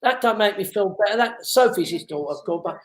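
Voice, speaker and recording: A man's voice: high-pitched, expressive, fast talker, echoey room. A man from the hosting a casual live show from home, emotional and chatty. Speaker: host.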